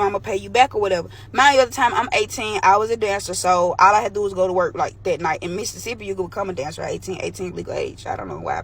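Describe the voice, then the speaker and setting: A woman's voice: mid-range voice, husky. A young woman telling a candid, slangy story from her own life to the camera. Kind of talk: storytime vlog.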